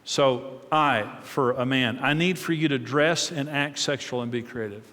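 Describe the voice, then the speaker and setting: A man's voice: medium pitch, a little slow, a bit bright. A middle-aged man giving a conversational marriage talk to an audience, often repeating words and telling anecdotes. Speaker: marriage teacher. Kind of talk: teaching talk to a live audience. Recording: long reverb of a large hall.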